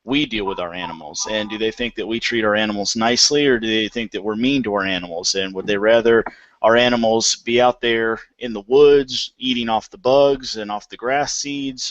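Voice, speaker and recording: Man, mid pitch, folksy host of a casual chat, dry and slightly muffled sound. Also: fairly bright tone, no room sound. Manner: conversational, folksy, many restarts. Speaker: homesteading panel host. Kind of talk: casual panel discussion.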